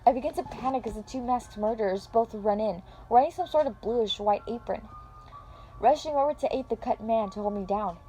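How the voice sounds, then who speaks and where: A woman reading a first-person fan story aloud in a dramatic, expressive way. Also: on the high side, a little fast, faint music behind, poor audio. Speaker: story reader.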